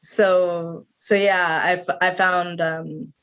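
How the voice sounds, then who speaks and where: A woman's voice: fairly low pitch, level tone, takes it slowly, a bit bright, clean tone. Chatty young woman on a video call. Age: about 20. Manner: chatty, many "like" fillers. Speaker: student guest. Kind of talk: casual interview chat.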